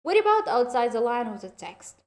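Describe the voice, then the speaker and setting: A woman giving an online university lecture, speaking slowly and deliberately and addressing her students directly. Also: fairly high pitch, sing-song.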